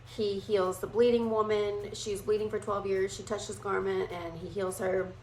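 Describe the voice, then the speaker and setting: A woman leading a casual Bible study, talking in a chatty, animated way and briefly acting out playful voices. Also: mid-range voice, normal speed, echoey room, a little hiss or hum, poor audio.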